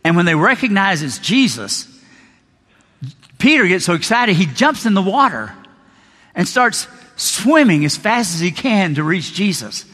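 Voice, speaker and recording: A man's voice: sits high, sing-song, unhurried, a bit bright, big-room sound. A male pastor preaching a sermon in a church, telling Bible stories earnestly and acting out the quotes. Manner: earnest storytelling, acts out biblical quotes.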